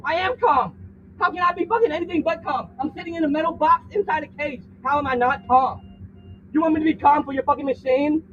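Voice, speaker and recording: In this distant, phone-like recording with faint noise, an arrested man in handcuffs confronts someone from inside a vehicle. His very high voice is brisk and a bit bright as he swears, argues indignantly and says the same things over and over.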